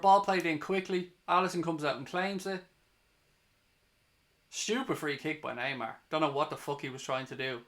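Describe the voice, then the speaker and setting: Lad ranting through live football reaction, swears a lot, slightly high-pitched voice. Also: male voice, a bit bright. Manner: sweary, heated, ranting between play-by-play. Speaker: fan channel host. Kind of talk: live match reaction commentary.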